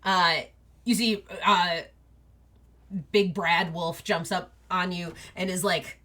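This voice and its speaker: A woman running a tabletop game, talking slowly in a bright tone. She narrates casually, with plenty of ums and likes. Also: lowish voice, fairly even intonation. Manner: casual, many fillers. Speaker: game master.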